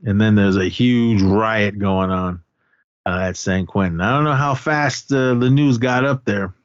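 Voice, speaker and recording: A man's voice: on the low side, a little slow, clean tone, dry recording, dull audio. A man co-hosting a podcast, casually retelling a film's plot with many fillers and quoting lines from it. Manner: rambling retelling with acted-out quotes and filler words. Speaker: podcast co-host. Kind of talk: casual movie recap chat.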